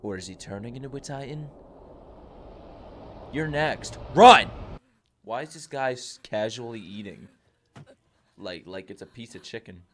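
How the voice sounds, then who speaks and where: A young man reacting to an anime episode, excitable and profane, yelling at the characters on screen. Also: medium pitch, moderate pace, long pauses, noisy background. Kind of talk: live anime reaction commentary. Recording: music from the show playing behind.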